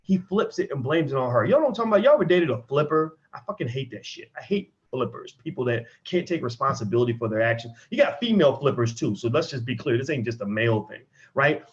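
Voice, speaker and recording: A man giving casual, animated political commentary, swearing and slipping into mock voices to make his point. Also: mid-range voice, fast, hardly any pauses, highs cut off. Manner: animated, profane, slips into mock voices for emphasis.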